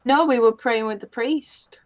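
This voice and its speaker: A woman playing a tabletop game in character, with quick, playful replies. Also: a little high. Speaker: player.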